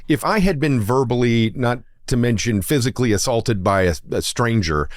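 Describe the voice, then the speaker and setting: A man co-hosting a podcast, asking questions and reacting in an animated way. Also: medium pitch, normal speed, dry recording, studio quality. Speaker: podcast co-host. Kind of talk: casual interview.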